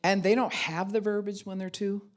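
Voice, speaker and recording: A middle-aged woman pastor talks through a teaching session in a plain, candid way. Her voice sits at an ordinary middle pitch, and she acts out the people she quotes as she goes. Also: flat delivery, normal speed. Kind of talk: conversational teaching talk.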